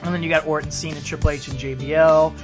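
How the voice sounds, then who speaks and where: A man's voice: on the high side, level tone, quick pace. A man co-hosting a casual wrestling podcast, recapping a show in a laid-back way with fillers, with faint music behind. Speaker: podcast co-host.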